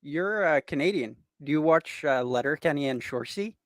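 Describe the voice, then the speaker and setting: A man's voice: a little high, expressive, a little fast, no room sound, studio quality. A man in a casual podcast chat, teasing the others and prodding them with questions.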